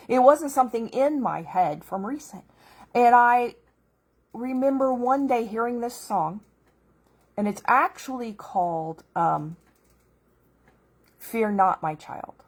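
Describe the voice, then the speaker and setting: A woman's voice: fairly high pitch, slightly rough. A middle-aged woman telling a heartfelt personal faith story in an earnest, casual way. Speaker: vlogger.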